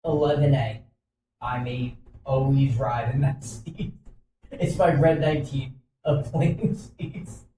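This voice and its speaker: A man co-hosting a casual podcast, jokey and quick to laugh. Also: medium pitch, steady tone. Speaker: podcast co-host. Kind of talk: casual banter. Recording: echoey room, mic far away, noisy.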